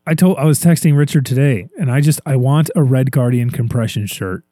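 A man's voice: mid-range voice, fairly quick, warm tone, no room sound, clean studio sound. A man chatting casually as co-host, enthusiastic and acting out quoted lines from scenes. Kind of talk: casual chat.

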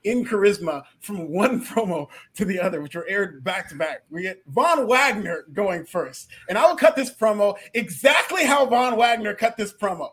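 A man's voice: high-pitched, moderate pace, hardly any pauses, breathy edge. A man co-hosting a podcast, chatting animatedly and joking. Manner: animated, joking, laughs often. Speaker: podcast co-host. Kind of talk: casual wrestling chat.

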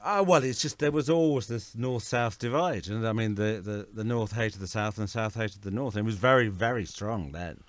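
A man's voice: on the low side, normal speed, hardly any pauses, no echo. A middle-aged man from England, a guest in casual conversation, rambling and correcting himself as he tells stories. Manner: rambling, self-correcting storyteller.

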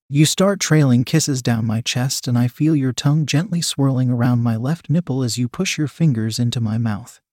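A man calmly narrating a first-person erotic audio story in an intimate reading voice. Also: medium pitch, no echo, clean studio sound.

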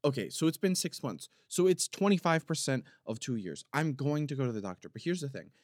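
A man's voice: medium pitch, animated, a little fast, no echo, studio quality. A man hosting a podcast, telling a long story in a casual, rambling way full of "like" fillers. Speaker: podcast host. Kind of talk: casual comedic monologue.

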